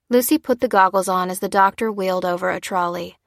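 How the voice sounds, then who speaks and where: A woman reading a story aloud in steady, even scripted narration. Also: medium pitch, a little fast, gravelly, no room sound, clean studio sound. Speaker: audiobook narrator.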